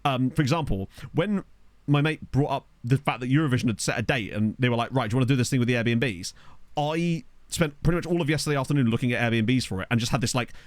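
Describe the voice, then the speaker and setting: A man with a neutral British accent chatting quickly and casually to his live-stream viewers while playing a football management game. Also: mid-range voice, no room sound. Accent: neutral British English. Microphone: desktop USB microphone.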